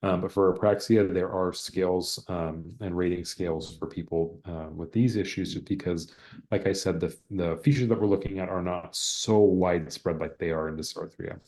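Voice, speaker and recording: Deep-voiced man giving an online lecture. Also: fairly even intonation, moderate pace, a little mellow. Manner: conversational, demonstrates example sentences aloud. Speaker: exam prep presenter.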